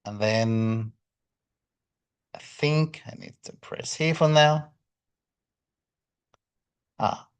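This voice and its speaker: A man's voice: medium pitch, very slow, pauses often, smooth. A man teaching exam prep on a live stream, chatting casually, greeting viewers by name and reading out their comments in loosely phrased English. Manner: non-native English phrasing with fillers.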